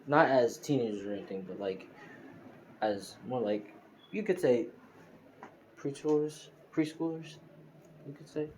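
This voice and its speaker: A man telling an improvised fan story out loud, rambling with lots of fillers and restarts. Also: mid-range voice, a little slow, long pauses, slight background noise, rough recording.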